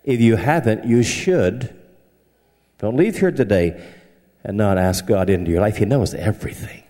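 This pastor, a man from the southern United States, delivers a sermon full of folksy humor and anecdotes, his Southern accent plain. He speaks at a moderate pace in a fairly low, dark voice, and the audio carries a long hall reverb.

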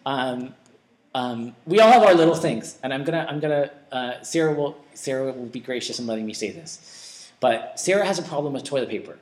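A young man preaches an informal sermon full of personal stories, rambling conversationally with many restarts and self-deprecating jokes. His mid-range voice is expressive and fairly quick. He's recorded from a distant mic in an echoey room with faint ambience.

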